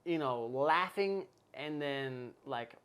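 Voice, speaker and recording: A man's voice: mid-range voice, expressive, slow, a bit bright, clean tone. A man in his twenties hosting a podcast, talking in a casual, profane, rambling way. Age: 20s. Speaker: podcast host. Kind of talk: casual chat.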